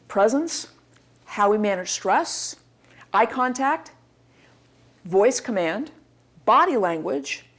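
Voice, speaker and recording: A woman in her forties giving a recorded course lecture, lively and demonstrative. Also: fairly high pitch. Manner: lively, demonstrative, acts out examples in varied voices. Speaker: instructor.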